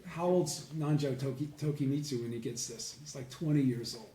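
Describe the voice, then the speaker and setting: Leading a casual study group, a man with a medium-pitched, warm voice explains a text fairly quickly and checks understanding with "okay?" and "right?" He's congested and keeps clearing his throat. The sound is reverberant.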